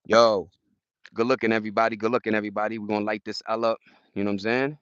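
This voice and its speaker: A man's voice: on the low side, little pitch movement, fast talker, a bit bright, clear, resonant tone, no room sound, dull audio. Slangy New man streaming outdoors. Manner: slangy, loose, chatty with repeated asides. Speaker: livestream host. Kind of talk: casual livestream chat with viewers. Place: outdoors in a park.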